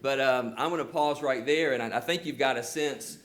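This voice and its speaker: Here a telecom company representative, an older man from Georgia with a rural Southern accent, speaks at a public hearing in a mid-range, fairly bright voice at normal speed. He presents his company and takes questions earnestly, leaning often on "you know."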